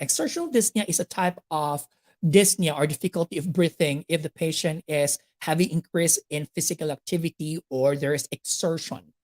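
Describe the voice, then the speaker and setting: A woman's voice: on the low side, a little mellow. A woman with a Filipino accent giving a nursing exam lecture, mixing English with Tagalog and checking in with "okay?" after each point.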